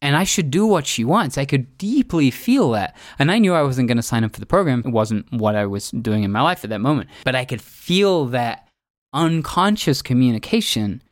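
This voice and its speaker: A man's voice: medium pitch, very animated, normal speed, no room sound. Dry-voiced man telling a rambling story. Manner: rambling, reflective, many fillers and restarts. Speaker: podcast host. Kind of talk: casual storytelling monologue.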